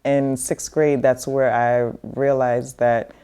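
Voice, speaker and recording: Woman, middle-aged, interview guest, very low pitch, casual rambling storytelling, frequent fillers. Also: little pitch movement, slow, mellow, clean tone. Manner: rambling, with many fillers and restarts; acts out quoted voices of family members.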